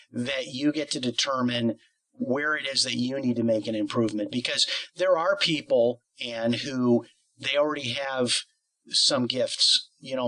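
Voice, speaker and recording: Bright-voiced male interviewer. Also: mid-range voice, low-quality recording. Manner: explains at length with many qualifiers. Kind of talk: conversational interview.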